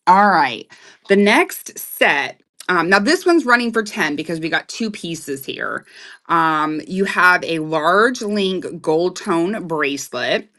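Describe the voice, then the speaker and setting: A woman selling jewelry on a live stream in loud, excitable, chatty talk that keeps breaking into laughs. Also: lowish voice, slow. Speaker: live online jewelry seller. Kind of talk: casual live-sale chat.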